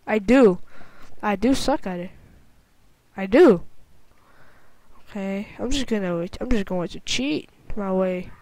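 A woman giving casual let's-play commentary, excitable and quick to exclaim or groan at her own mistakes. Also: mid-range voice, no echo. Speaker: gameplay commentator.

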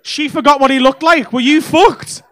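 A man's voice: very high voice, moderate pace, pushed and bright. A male stand-up comedian doing cheeky, sweary crowd work on a club stage, talking into a handheld mic. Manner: cheeky, swearing banter with audience. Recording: live comedy club with audience laughter.

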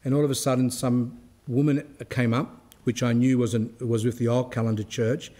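A man, an Orthodox cleric, giving a spiritual talk that mixes a personal story with rhetorical questions and turns animated as the story goes on. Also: moderate pace. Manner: grows animated and high when telling the story.

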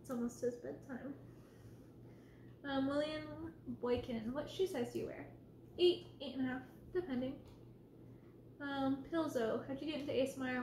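A soft-spoken woman hosting a casual livestream Q&A as an ASMR creator, reading out viewers' names and questions and now and then scolding her cat. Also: high voice, reverberant, noisy background.

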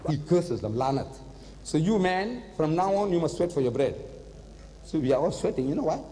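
An older man giving an animated religious lecture, telling stories and slipping in phrases. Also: fairly high pitch, moderate pace. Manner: animated storytelling, switching into Hindi-Urdu phrases. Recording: long hall reverb.

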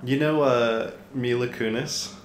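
A man's voice: medium pitch, steady tone, unhurried. A man casually chatting while playing a horror game, teasing his nervous co-host. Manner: teasing, laughs at his co-host's fear. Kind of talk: casual let's-play chat. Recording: echoey room with faint hiss.

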